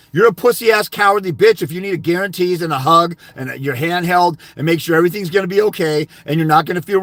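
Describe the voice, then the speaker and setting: A man's voice: high voice, fairly bright tone, no echo. An older man, a fathers' rights consultant, delivering a blunt, profane monologue that berates his viewers.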